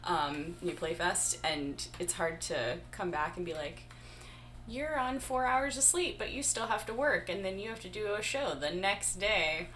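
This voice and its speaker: Tired, talkative woman guest, low-pitched and bright. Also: a little hiss or hum. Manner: chatty, rambling, quick to laugh. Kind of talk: casual chat.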